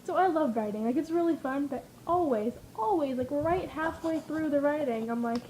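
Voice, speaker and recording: A woman's voice: high voice, normal speed, few pauses, warm tone, a little hiss or hum, poor audio. A woman vlogging in a casual, rambling way, giggling and acting out her own reactions as she tells stories. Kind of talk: casual chatty vlog storytelling.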